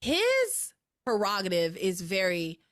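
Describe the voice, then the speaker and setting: A woman hosting a podcast, recapping a soap opera casually and acting out the characters' lines in quick voices. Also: medium pitch, huge pitch swings, fairly bright tone, no echo, studio quality. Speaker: podcast host.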